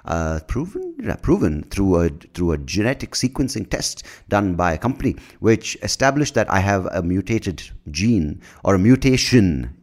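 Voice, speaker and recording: Low-voiced man rambling on his podcast. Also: big pitch swings, moderate pace, few pauses, a little mellow. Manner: self-mocking, swears freely, trips over words. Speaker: podcast host. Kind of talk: casual rambling monologue.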